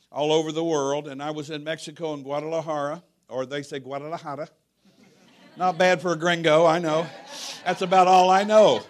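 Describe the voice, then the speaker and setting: A man preaching to a congregation in a church. His voice sits a little high for a man, and he tells stories with jokes thrown in. He drops to a hush and then rises to a loud, ringing delivery. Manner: storytelling, jokes with the congregation, swings from quiet to loud. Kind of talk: sermon.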